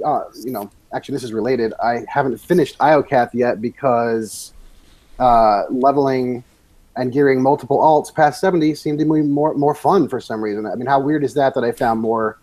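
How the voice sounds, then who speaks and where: A man's voice: mid-range voice, a little mellow, no room sound, rough recording. A man co-hosting a podcast, chatting casually in a rambling, meandering way. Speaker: podcast co-host. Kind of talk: casual chat.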